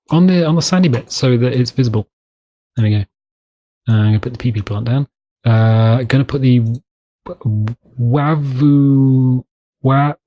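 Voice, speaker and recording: A gameplay commentator with a medium-pitched, warm voice gives casual let's-play commentary while building in a game's map editor. He rambles, mocks himself and occasionally slips into silly voices.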